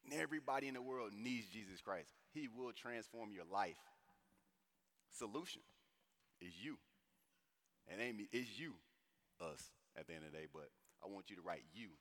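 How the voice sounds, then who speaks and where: A man preaching a sermon in an animated, conversational way with slang. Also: lowish voice, normal speed, long pauses. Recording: long hall reverb.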